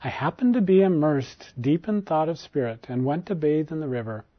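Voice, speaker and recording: A man voicing a kindly old hermit sage who speaks gently and unhurriedly, and firmly when he gives orders, in a storybook tale. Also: on the high side, lively intonation, moderate pace, close to an everyday voice. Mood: calm, gentle. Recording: dull lo-fi recording.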